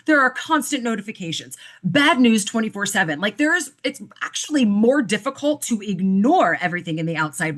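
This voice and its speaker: A chatty woman talks through a wellness podcast in a loose, unscripted way. She leans on fillers, swears now and then, and slips into quick acted-out inner voices to make her points. Her voice sits at an ordinary middle pitch for a woman. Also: fairly bright tone. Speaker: podcast host, nutritionist. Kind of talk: casual wellness talk.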